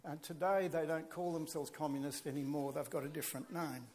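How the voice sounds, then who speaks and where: A man's voice: fairly high pitch, steady tone, fairly quick, darkish tone, a little hiss or hum. A man preaching a sermon, earnest and emphatic, with chatty asides to the congregation.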